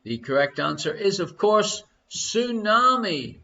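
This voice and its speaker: A man's voice: high-pitched, sing-song, slow pace, creaky, bright, forceful tone, dull audio, a little hiss or hum. An Irish man hosting a live online quiz from his living room, reading questions and answers with a jokey, chatty manner. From Ireland. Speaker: quiz show host.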